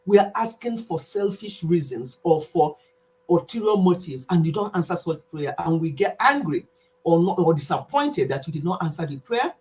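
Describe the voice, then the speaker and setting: A woman hosting a live stream, greeting viewers with excitement and leading an earnest prayer. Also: on the low side, moderate pace.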